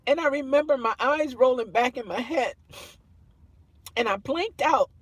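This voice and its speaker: A woman's voice: high-pitched, animated, normal speed, husky, no echo. A woman vlogger telling a personal story to camera in an earnest way, often repeating phrases and restarting her sentences.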